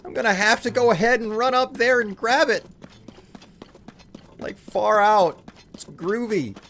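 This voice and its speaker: A man putting on a goofy, high-pitched young slacker voice while streaming a game. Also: measured pace, fairly bright tone, a little hiss or hum. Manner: high, drawling surfer-style voice. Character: laid-back goofy young male slacker dude. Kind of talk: streamer doing a character voice while playing.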